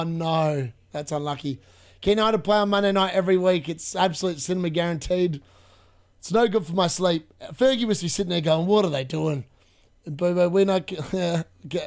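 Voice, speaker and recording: A young man commentating live on a football match for his fantasy football stream, excitable, laughing often and talking to his chat. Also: sits high, clean tone.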